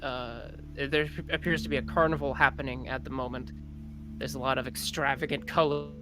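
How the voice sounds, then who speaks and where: A player slowly narrating their character's scene in a tabletop role-play game, halting and full of fillers. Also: mid-range voice, fairly even intonation, music in the background, low-quality recording.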